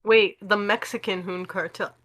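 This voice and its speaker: A woman's voice: mid-range voice, steady tone, normal speed, fairly bright tone, no room sound. A young woman in a casual podcast chat, teasing and playful.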